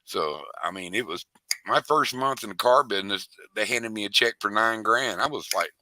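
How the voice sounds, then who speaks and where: Older man, rambling folksy storyteller; low sharp voice, dry close sound. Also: moderate pace, no echo. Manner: rambling, folksy and profane, with many restarts. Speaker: interviewee. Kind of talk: casual storytelling.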